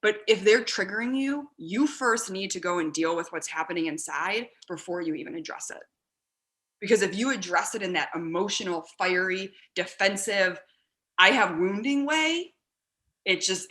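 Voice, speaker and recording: Woman podcast guest, bright and lively, chatty and candid, laughs easily. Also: on the low side, moderate pace. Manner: animated, laughing, acts out quoted lines. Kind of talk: casual conversation. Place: podcast recording with her husband beside her.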